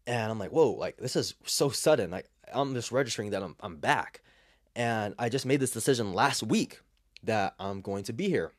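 A man's voice: lowish voice, lively intonation, moderate pace, no room sound. A young man telling an emotional personal story in a casual, reflective way, full of fillers and restarts, with tears close to the surface. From Los Angeles area, US. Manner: reflective, emotional, many fillers and restarts, often drops to a soft near-whisper. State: emotional, tearing up.

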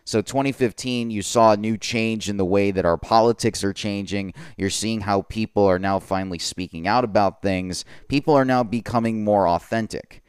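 A man with a low, smooth and resonant voice talks through his thoughts in a relaxed solo podcast. He speaks earnestly and reflectively, sometimes tripping over a word and starting again. The sound is close and dry. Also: normal speed, few pauses, no room sound. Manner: earnest, reflective, with occasional stumbles and repeats. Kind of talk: casual solo podcast monologue.

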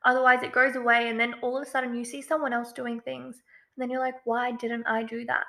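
A woman's voice: fairly high pitch, level tone, brisk, vocal fry, fairly bright tone. A woman co-hosting a self-development podcast in casual, chatty talk with lots of fillers. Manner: upbeat, chatty, uses many fillers. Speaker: podcast co-host.

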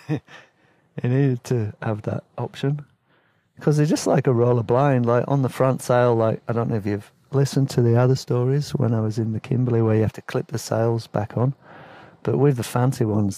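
A man rambles through a travel story in a relaxed, chatty way, full of slang and easy laughs. His voice is gravelly and mellow. It is recorded close up and dry on a podcast mic. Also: medium pitch, dry recording. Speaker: podcast host telling travel stories. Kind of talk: casual storytelling.

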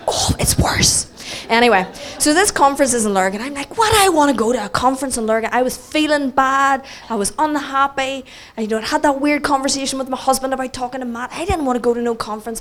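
A woman with a Northern Irish accent telling a story in a sermon, animated and self-mocking, acting out the people she quotes. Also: mid-range voice, slight background noise. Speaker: preacher.

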